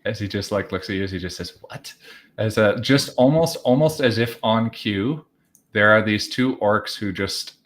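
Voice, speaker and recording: Low-voiced guy running a tabletop game, rambly, lots of uh and like. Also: moderate pace. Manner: rambling, many fillers. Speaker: game master. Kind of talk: improvised tabletop narration.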